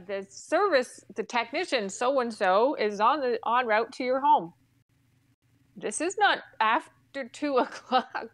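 A woman's voice: on the high side, fairly bright tone, no room sound. Exasperated, foul-mouthed woman ranting. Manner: exasperated, profane, laughs mid-sentence. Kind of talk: comedic ranting storytelling.

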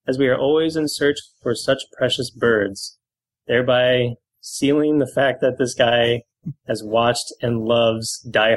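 A man's voice: medium pitch, poor audio. A man co-hosting a comedy podcast in casual chat, wryly riffing on news items. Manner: wry, riffing on news stories. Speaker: podcast co-host.

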